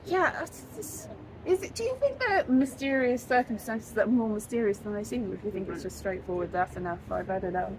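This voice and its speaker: A woman interviewing a stage performer, chatting casually and reacting often with quick agreement and lively opinions. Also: medium pitch, low-quality recording.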